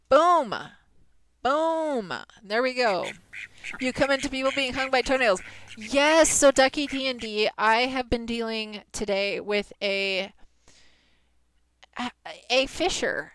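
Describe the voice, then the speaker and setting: Female streamer, casual exasperated chat, slightly high, clean smooth tone. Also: fairly bright tone, no room sound, poor audio. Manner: chatty, exasperated ranting with frequent laughs. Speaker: game streamer.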